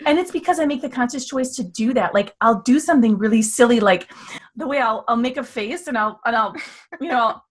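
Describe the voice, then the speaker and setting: A woman's voice: on the high side, a little fast. A middle-aged woman, a guest on a talk show, telling stories about her daughter in a chatty, laughing way. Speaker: guest, mother of co-guest. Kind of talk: casual chat.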